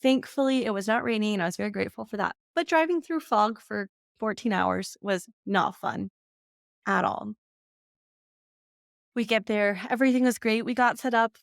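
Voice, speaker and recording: A woman's voice: medium pitch, moderate pace, vocal fry, dry recording, clean studio sound. A woman, hosting a podcast and candidly telling a personal story, laughing often as she talks. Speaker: podcast host.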